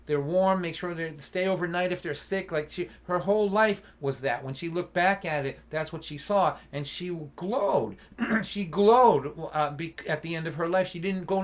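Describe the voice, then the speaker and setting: Earnest sixty-something male storyteller, slightly high voice. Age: 60s. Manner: earnest, halting, with frequent restarts. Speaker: folk singer and storyteller. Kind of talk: personal storytelling at a live-streamed concert.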